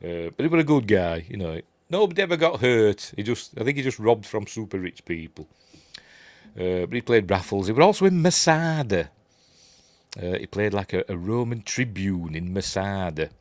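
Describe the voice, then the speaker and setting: A man's voice: fairly low pitch, sing-song, moderate pace, dry recording. A middle-aged man with a Yorkshire accent hosts a casual live review, chatting, reading viewer messages and laughing at his own jokes. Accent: Yorkshire English. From Yorkshire, England. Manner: reads out viewer chat messages. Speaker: host of a livestream review show.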